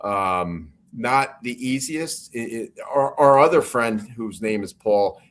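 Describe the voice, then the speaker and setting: Middle-aged man from New Jersey, podcast guest, casual and rambling, restarts often, laughs as he goes. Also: fairly low pitch.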